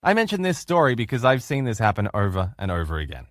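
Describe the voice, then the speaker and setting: Male relationship coach, emphatic motivational lecturer, lively expressive pitch, dry close recording. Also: fast, no echo. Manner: emphatic animated storyteller.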